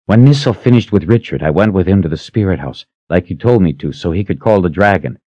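A man voicing a male messenger who is out of breath and hurried, pressing someone to come quickly. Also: deep voice, lively intonation, mellow, no room sound, lo-fi sound. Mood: urgent. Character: panting, urgent male messenger.

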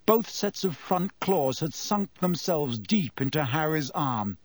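A man reading a story aloud in measured scripted narration. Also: a little high, animated, no echo. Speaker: audiobook narrator.

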